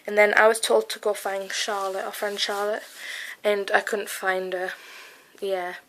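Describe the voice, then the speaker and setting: A young woman vlogging at home, rambling excitedly with lots of "like" and "oh my God". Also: medium pitch, unhurried, a little hiss or hum, rough recording. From United Kingdom. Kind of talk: casual vlog recounting a concert.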